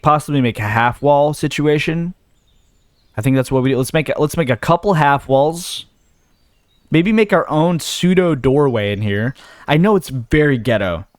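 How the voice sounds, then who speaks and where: A man's voice: medium pitch, dry recording. A young man giving casual let's-play commentary, thinking aloud and talking himself in and out of ideas as he goes. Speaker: gaming video host.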